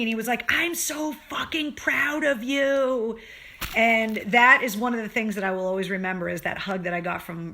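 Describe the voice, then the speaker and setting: A woman talks straight to her viewers on a casual home livestream, earnest and openly emotional. Her voice is bright and forceful, and her sentences stop, restart and pick up salty language along the way. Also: a little high. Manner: earnest, emotional, swears freely, rambling restarts. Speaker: livestream show host.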